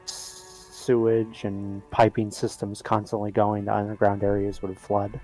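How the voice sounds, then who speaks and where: A man's voice: lowish voice, completely flat delivery, measured pace, mellow, soft background music, poor audio. A man co-streaming a game, chatting casually and explaining things step by step.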